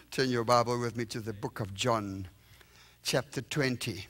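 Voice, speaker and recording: A middle-aged man with a South African accent preaching a revival sermon in a church, lively and joking with the congregation, often checking "all right?". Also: medium pitch, measured pace. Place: church sanctuary.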